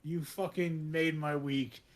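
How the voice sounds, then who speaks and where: A man co-hosting a podcast, telling stories in an excitable, rambling way, full of fillers and restarts. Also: fairly high pitch, takes it slowly. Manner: excitable storytelling, many fillers and restarts, laughs often. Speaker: podcast co-host. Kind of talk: casual chat.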